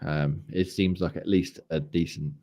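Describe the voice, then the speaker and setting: A man's voice: deep voice, steady tone, normal speed, dark tone. A man hosting a gaming podcast in a rambling, casual way, swearing freely. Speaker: podcast host. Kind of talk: casual chat.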